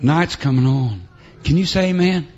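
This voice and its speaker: A middle-aged man preaching a revival sermon in a church over a PA. He punctuates his lines with "uh, amen" and "huh?" and swings between shouted preaching and quiet storytelling. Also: on the high side, lively intonation, normal speed, muffled recording. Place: church sanctuary with PA.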